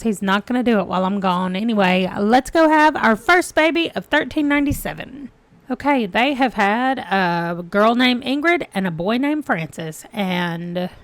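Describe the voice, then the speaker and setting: A woman's voice: on the high side, no echo. A woman giving casual, chatty commentary on her gameplay and talking to the game characters. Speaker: gaming let's-play host.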